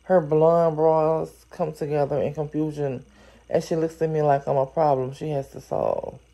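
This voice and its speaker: A woman reading a novel aloud who breaks off now and then to react in animated, exclaiming asides. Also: low-pitched, normal speed. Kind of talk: story reading with chatty reactions.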